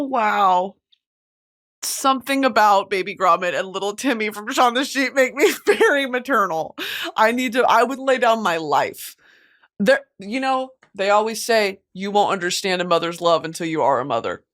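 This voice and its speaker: A woman hosting a podcast in casual chat, goofy and excitable, given to loud squeals and dramatic wails, and swearing freely. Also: mid-range voice, normal speed. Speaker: podcast host.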